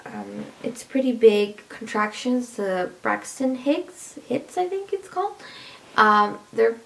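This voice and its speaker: Woman in her thirties, casual vlogger, gravelly fry, talks loosely and laughs a lot. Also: a little high, takes it slowly, fairly bright tone. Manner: chatty, rambling, laughs often, addresses viewers. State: pregnant. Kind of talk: casual pregnancy update vlog.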